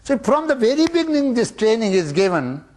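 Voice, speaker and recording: A man giving a spiritual discourse to students, emphatic and full of rhetorical questions, jumping from loud rises to soft drops. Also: very high-pitched, very animated, fairly quick. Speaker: spiritual teacher.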